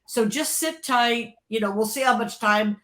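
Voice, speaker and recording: A woman with a bright, forceful voice pitched a little high tells an eager story as an interview guest. She jumps between hushed asides and loud bursts of excitement, stumbling over repeated words. She laughs readily as she talks. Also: moderate pace. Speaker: interview guest, former record label creative executive. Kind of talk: animated storytelling in a podcast interview.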